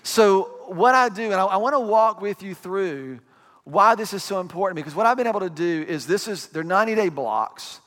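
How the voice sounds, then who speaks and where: A man preaching a sermon in a conversational way, with asides and quick acted quotes. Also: sits high, expressive, a bit bright, in a large hall. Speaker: pastor.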